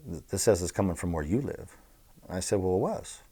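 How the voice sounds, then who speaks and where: Husky, deep and brisk, a middle-aged man from Southern California tells coarse, frank stories as a guest being interviewed. The ex-bookmaker is an animated, casual storyteller.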